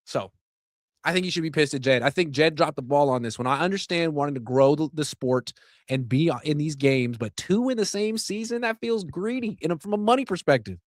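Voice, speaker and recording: A man co-hosting a casual sports podcast, laying out firm opinions in a steady way. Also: on the high side, fairly quick, no echo, clean studio sound. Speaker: podcast co-host.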